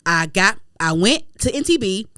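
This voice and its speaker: A woman co-hosting a podcast in casual chat, telling an animated story that turns to indignant shouting, with plenty of swearing. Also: mid-range voice, moderate pace, no room sound, studio quality. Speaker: podcast co-host.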